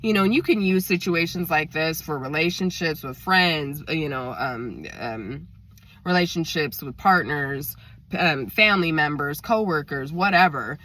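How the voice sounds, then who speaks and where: A woman's voice: sits low, normal speed, fairly bright tone. Indignant woman telling a story to viewers. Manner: indignant, emphatic, addresses viewers directly. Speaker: vlogger.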